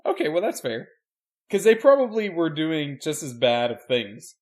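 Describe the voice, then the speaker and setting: A man co-hosting a podcast, reacting with quick wry comments and laughter in a casual chat. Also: a little high, big pitch swings. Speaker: podcast co-host, preacher.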